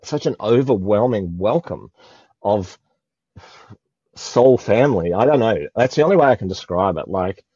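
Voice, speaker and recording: Australian man, low dark voice. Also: animated, moderate pace, breathy edge, no room sound, muffled recording. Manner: emotional, searching for words. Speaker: guest. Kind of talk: spiritual conversation.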